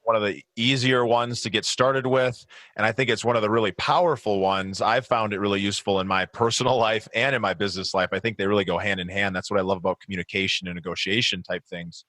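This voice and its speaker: A man's voice: on the low side, fairly even intonation, quick pace, few pauses, bright, forceful tone, dry recording. A man hosting a podcast interview, asking questions in an eager, encouraging way. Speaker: podcast host.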